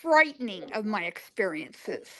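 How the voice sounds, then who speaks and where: A woman's voice: medium pitch, unhurried. A woman in her forties, a guest psychic, telling stories in a casual interview and acting out the dialogue in them. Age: 40s. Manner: animated storyteller acting out dialogue.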